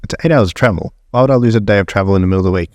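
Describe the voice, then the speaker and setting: Laughing Australian man, low voice. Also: racing, dry recording. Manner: laughing, swearing, animated storytelling. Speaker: podcast co-host. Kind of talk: casual chat.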